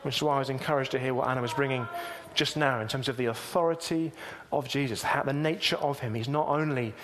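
A man preaching a sermon, reading scripture aloud and then explaining it in a measured way. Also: mid-range voice, fairly bright tone.

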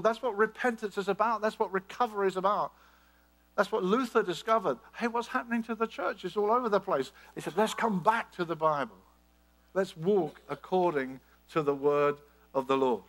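Man, middle-aged, preacher, sermon delivery, emphatic, repetitive, rhetorical questions, slightly high voice. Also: fairly quick, fairly bright tone, rough recording.

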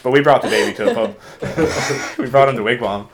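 A man's voice: mid-range voice, a little fast, crowd noise. A man in casual podcast chat among friends, telling stories with dry, self-mocking humour.

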